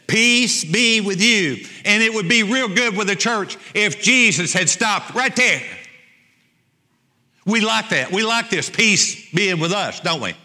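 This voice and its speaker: In a church sanctuary, a male pastor preaches a sermon emphatically, repeating his key phrases. His voice is high, pushed and bright, and the recording carries the long reverb of a church hall.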